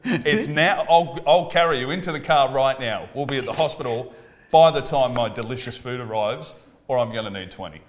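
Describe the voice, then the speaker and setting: Australian man, thirties, comedian, profane storyteller, ordinary mid pitch, slight hiss. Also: moderate pace. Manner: loud, swearing, animated bits. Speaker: comedian podcast co-host.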